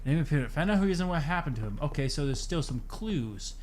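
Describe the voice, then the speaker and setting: With slight noise in the background, a young man streams a horror game, tired and yawning, cracking jokes to himself and bursting out when startled. His pitch is fairly high and his delivery animated and fast, though the tone is a little mellow.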